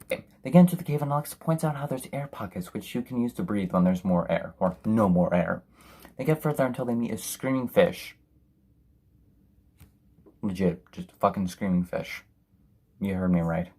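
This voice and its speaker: A man's voice: on the low side, expressive, normal speed, mellow. A man reviewing a film in a sarcastic, profane, exasperated rant. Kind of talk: ranting film review commentary.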